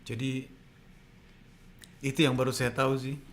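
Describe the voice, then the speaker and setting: A man's voice: medium pitch, level tone, normal speed. A man giving brief, matter-of-fact replies in a casual chat on a live stream.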